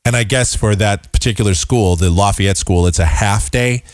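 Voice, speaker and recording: A man's voice: fairly low pitch, moderate pace, no echo, studio quality. A man in his forties hosting a talk show, giving an exasperated, sarcastic opinion commentary with a rambling delivery.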